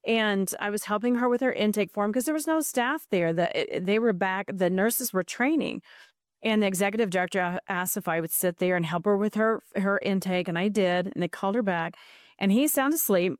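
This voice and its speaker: A woman's voice: medium pitch, fairly quick, no room sound, studio quality. A middle-aged woman, a podcast guest, telling a heartfelt story with earnest emotion and frequent restarts.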